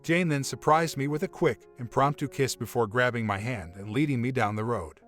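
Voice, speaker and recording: Calm man narrating a story. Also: mid-range voice, moderate pace, few pauses. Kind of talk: scripted first-person story narration. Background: faint music.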